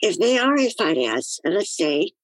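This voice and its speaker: A woman's voice: on the low side, sing-song, normal speed, dry recording, low-quality recording. A woman guest on a podcast, talking through ideas in a thoughtful, musing way with many fillers. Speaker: guest, disability activist. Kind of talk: casual podcast chat.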